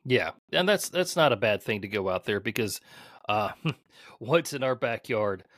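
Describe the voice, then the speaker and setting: Guy with a lowish voice, dry mic, calm and agreeable, lots of mm-hmms. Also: measured pace, dry recording. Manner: steady, agreeable, many short affirmations. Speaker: podcast guest. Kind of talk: casual chat.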